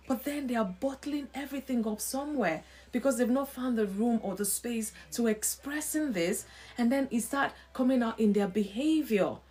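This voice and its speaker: A woman hosting a live-stream talk on emotional health, speaking in an expressive, preacher-like way with lively emphasis. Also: fairly high pitch. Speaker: host.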